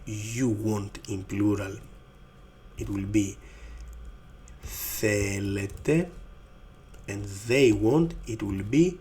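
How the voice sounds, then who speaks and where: A man's voice: lowish voice, very slow, long pauses, warm tone, slight background noise. A man with a Greek accent, a native Greek speaker teaching his language in English, patiently repeating each form. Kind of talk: slow explanatory lesson.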